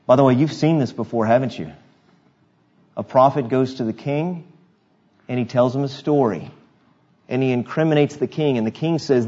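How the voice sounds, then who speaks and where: A man's voice: mid-range voice, normal speed, long pauses, darkish tone, dull audio. A male pastor preaching an expository sermon, reading scripture and asking his congregation rhetorical questions in a conversational way.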